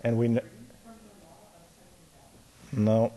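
A man preaching a sermon, questioning the congregation and reading scripture aloud, building from soft to emphatic. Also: medium pitch, monotone, drawn-out words. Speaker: pastor.

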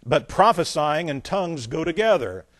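A man's voice: fairly high pitch, very animated, normal speed. Plain-spoken man preaching a sermon. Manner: reads scripture aloud with emphasis, then drops to blunt conversational asides. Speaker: pastor. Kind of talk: sermon with scripture reading.

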